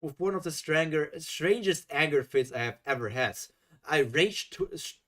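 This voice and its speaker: A man reading a fan story aloud on a live stream, breaking off into exasperated reactions. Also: fairly high pitch. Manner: animated, exasperated asides.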